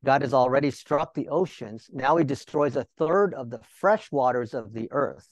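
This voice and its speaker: A man's voice: medium pitch, moderate pace, no room sound. A male Bible teacher giving a sermon, talking to the listeners with rhetorical questions and joking asides.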